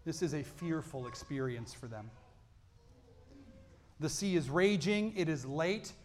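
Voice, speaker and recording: A man with a high voice preaches a sermon to his congregation. He reads scripture aloud and then explains it earnestly. He swings from emphatic peaks down to hushed, quiet lows. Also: measured pace. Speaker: pastor.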